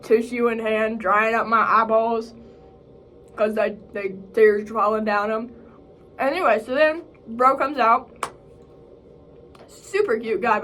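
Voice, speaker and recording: High-pitched college girl rambling through a story, lots of "like", faint hum behind. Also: a bit bright. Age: young adult. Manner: chatty, fillers like "like" and "bro", acts out quotes in a higher voice. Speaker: college vlogger. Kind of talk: casual storytelling vlog.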